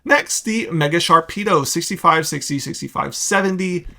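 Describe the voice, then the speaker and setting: A young man with a bright, edgy voice and a gravelly rasp running through it, pitched a little high for a man. He delivers blunt, sarcastic opinions as casual commentary, tossing off quick asides. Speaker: card collecting video host.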